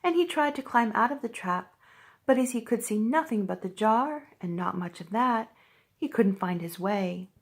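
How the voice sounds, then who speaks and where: A woman from a library reading a children's book aloud with lively, expressive storytelling. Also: on the high side, moderate pace.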